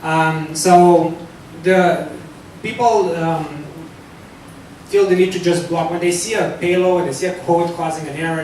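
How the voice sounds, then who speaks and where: A man with a voice high for a man gives a technical talk to a live audience, unhurried, a little mellow, and fairly even in intonation. His delivery is loose and conversational, with fillers and frequent self-corrections. Sitting far from the mic, he sounds thin and roomy, with a strong echo and a faint rumble beneath.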